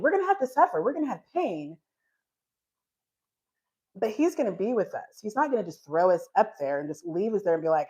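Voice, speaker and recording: A woman giving a casual Bible teaching, an animated storyteller who acts out dialogue, frank and self-deprecating. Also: on the low side. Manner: animated storytelling, acting out dialogue with laughs and sighs.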